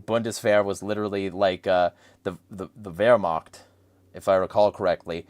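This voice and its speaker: Male host, lower register, dry sound; profane, rambling political rant. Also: normal speed, dry recording. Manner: profane, rambling, animated rants. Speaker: podcast host. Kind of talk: casual political chat.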